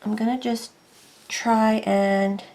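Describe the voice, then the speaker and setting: A woman's voice: a little high, flat delivery, slow pace, a little mellow. A woman narrating a casual craft tutorial from her desk at home, chatty and self-deprecating, thinking aloud as she works.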